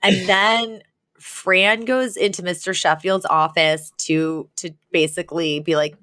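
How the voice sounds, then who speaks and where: This podcast co-host speaks unhurriedly, with a lowish, fairly bright voice and fairly even intonation. The recording is dry and studio quality. She casually goes over a sitcom episode, laughing frequently and using "like" over and over.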